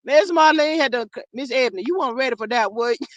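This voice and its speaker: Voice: high voice, quick pace, a bit bright, low-quality recording. A performer playing a sassy gossiping woman persona, reading viewer comments on a livestream and calling everyone honey and child. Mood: gloating. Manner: dramatic, playfully threatening. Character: sassy gossiping woman persona, Miss Marlene, quick to clap back. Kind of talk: live chat.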